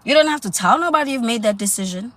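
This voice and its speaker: A woman's voice: a little high, animated, quick pace, a bit bright. A woman hosting a casual self-improvement livestream, chatty and sassy, stopping to answer live comments.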